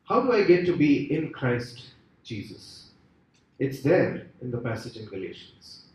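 A man preaching a sermon with an expressive, rising and falling delivery and many rhetorical questions. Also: mid-range voice, measured pace, slight background noise. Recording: echoey hall from far off.

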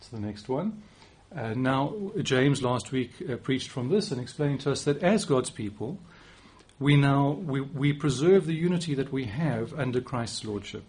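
A man's voice: medium pitch, expressive, moderate pace, a little mellow, breathy edge. A man in his forties with a South African accent, giving a conversational sermon with occasional restarts and light self-deprecating humor. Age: 40s. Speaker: preacher.

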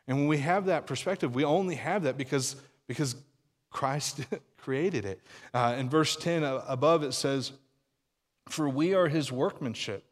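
Man preaching in a reverberant church. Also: mid-range voice. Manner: conversational, with frequent restarts and light laughs. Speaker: pastor. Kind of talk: sermon.

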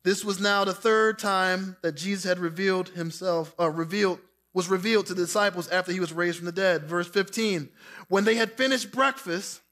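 A man preaching a sermon with a high, bright voice. He reads scripture aloud and acts out the quoted speakers, going soft and slow for tender lines. His tone rings clear and forceful. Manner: preaching with dramatic quoted voices, drops soft for Jesus' words. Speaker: pastor.

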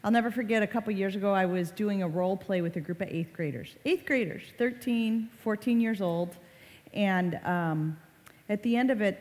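A woman's voice: mid-range voice, normal speed, a little mellow. A woman who works as an online safety educator, talking to parents in a conversational way and acting out short quoted lines. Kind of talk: talk to parents. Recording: reverberant hall.

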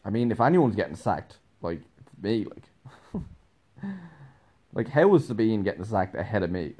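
Low-voiced man telling a rambling story. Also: sing-song, a little slow, warm tone. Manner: rambling, laughs often, peppered with "like". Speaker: podcast host, musician. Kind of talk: casual storytelling monologue.

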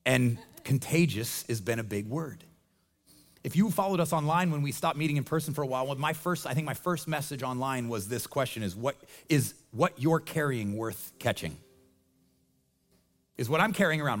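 A man preaching as a pastor in a conversational, animated way, often restarting his sentences. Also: medium pitch. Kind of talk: sermon.

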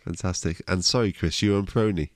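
A man's voice: low-pitched, fast, no echo. A man hosting a music podcast, leading casual chat with teasing, jokey banter. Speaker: podcast host.

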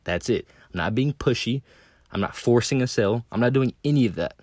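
A man's voice: mid-range voice, lively intonation, fairly quick, darkish tone, no echo, clean studio sound. A man hosting a podcast, talking casually and bluntly, swearing freely and often tacking on "right?" and "again". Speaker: podcast host. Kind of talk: casual monologue.

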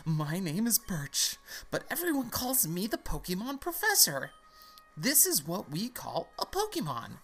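A man's voice: high voice, huge pitch swings, measured pace, a bit bright, voice pushed up, heavily acted. A man doing Professor Birch, grand and sing-song. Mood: grandly welcoming. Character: cheerful middle-aged male Pokemon professor.

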